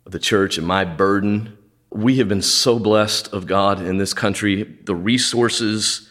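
A male pastor preaching a sermon, swinging dramatically in pitch and loudness and acting out quoted speech in his own voice.

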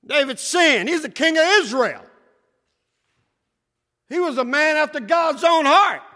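A man preaching a sermon, shouting at times and swinging between loud and soft. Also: animated, unhurried. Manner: preaching with shouts and wide swings in pitch and loudness. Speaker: pastor. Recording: echoey hall.

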